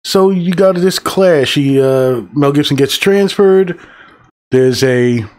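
A man in his fifties giving a casual spoken film review, excited and profane, rambling with fillers. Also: mid-range voice. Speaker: movie reviewer.

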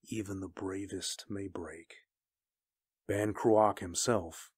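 A grim, weary mercenary talks low and slow, as a male narrator puts him on. His voice is deep and husky, grave and somber in an audio-drama reading. It sits dry and close to the mic. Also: expressive, no room sound, exaggerated voice. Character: grim, weary wandering mercenary, adult man.

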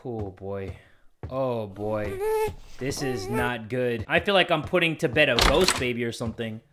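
A young man playing a horror game and commenting as he goes, casual and slangy, reading the prompts aloud and yelping and shouting whenever something startles him. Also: medium pitch, measured pace, very noisy. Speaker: gaming YouTuber. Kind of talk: let's play commentary.

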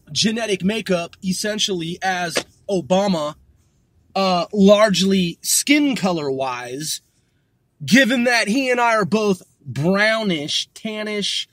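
A man's voice: high voice, bright, forceful tone, no room sound. A man delivering a heated, profanity-laden monologue, repeating himself as he builds up steam. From United States. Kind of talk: ranting monologue.

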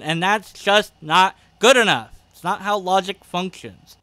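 Man, sharp and clear-voiced, sarcastic rebuttal commentary, slightly higher pitch. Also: expressive, normal speed, hardly any pauses, no room sound. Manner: sarcastic, argumentative, with laughs. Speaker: video creator responding to a critic.

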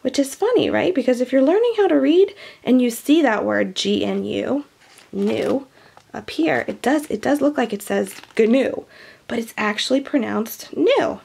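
A woman with a high voice reads a picture book aloud to children, slowly and warmly explaining words as she goes. Her tone is gentle, chatty and teacherly. There is a light gravelly fry in her voice. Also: animated. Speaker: children's storyteller.

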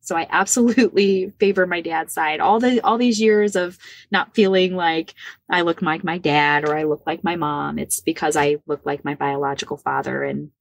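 A woman in her forties from the Midwest of the United States, telling a personal story as a podcast guest, animated and laughing often. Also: deep voice, normal speed, creaky. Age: 40s. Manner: animated, laughs often, acts out quoted dialogue.

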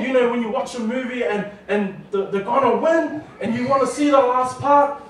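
A man's voice: sits high, brisk, hardly any pauses, a little hiss or hum. A man preaching a humorous, audience-engaging story sermon in a church hall. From New Zealand. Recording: echoey hall from far off.

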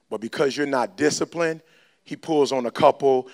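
A man's voice: medium pitch, normal speed, vocal fry. A man giving a fiery motivational speech, lecturing his listeners in slangy street talk. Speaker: motivational speaker.

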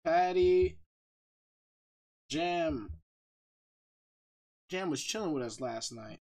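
A man streaming a game live, chatting casually, reading out viewer shout-outs, joking and laughing often. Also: fairly high pitch, drawn-out words. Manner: bursts of loud excited talk.

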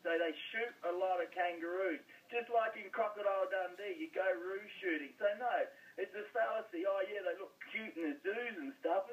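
A blunt, colloquial man with an Australian accent, talking sports as a guest. His voice sits quite high, and it reaches the listener over a dull, muffled phone line that sounds far from the mic. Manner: blunt, colloquial, calls people mate. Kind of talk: casual sports chat.

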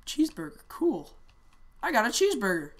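A woman giving casual, excitable commentary while playing a shooter game, often shouting and repeating words in quick bursts. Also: fairly high pitch. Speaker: gamer.

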